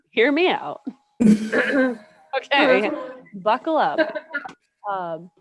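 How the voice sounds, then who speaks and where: A woman's voice: a little high, slight background noise. A young woman doing stand-up over a video call, rambling and self-mocking, often laughing at her own lines. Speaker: comedian.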